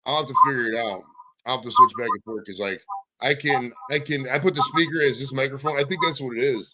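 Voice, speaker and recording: Man hosting a live stream, bright voice, casual, swears, fiddles with his mic. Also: medium pitch, fast talker, slight background noise, rough recording. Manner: casual, profane, flustered by audio trouble. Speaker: podcast host. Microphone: streaming setup with computer mic.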